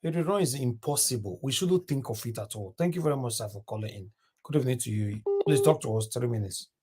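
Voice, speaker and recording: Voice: medium pitch, expressive, fast talker, a little mellow, breathy edge. A talk show host takes calls one after another. The delivery is courteous and polite, with many thank-yous and invitations to speak. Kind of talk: call-in show hosting.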